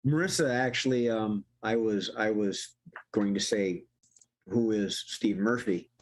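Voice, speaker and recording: A man's voice: fairly low pitch, measured pace, rough recording. A man hosting an improv comedy show, chatty, laughing often and tripping over his words.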